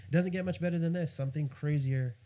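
A man's voice: fairly high pitch, fast talker. A young man from New York telling a story on a podcast, acting out the other person's lines in a raised voice. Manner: animated, quotes others in a raised voice. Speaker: guest photographer. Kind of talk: casual storytelling.

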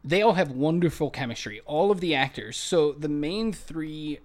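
A man co-hosting a casual podcast chat about films, retelling scenes in an animated, rambling way. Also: on the high side, moderate pace. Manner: animated storytelling, rambling asides. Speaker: podcast co-host reviewing films.

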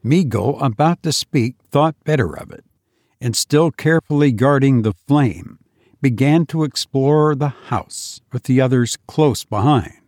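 Male narrator, measured storytelling, unhurried pace, dry close sound. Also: mid-range voice, darkish tone, no room sound. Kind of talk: scripted narration.

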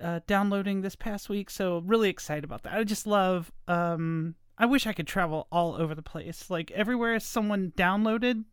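Smooth-voiced woman hosting a podcast. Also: medium pitch, normal speed, few pauses, no room sound, studio quality. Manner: chatty, meandering, friendly. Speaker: podcast host. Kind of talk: casual solo podcast monologue. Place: at home late at night.

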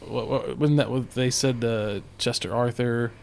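A man's voice: medium pitch, steady tone, a little slow, vocal fry, darkish tone, slight background noise. A man co-hosting a casual podcast chat, joking and steering the questions. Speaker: podcast co-host.

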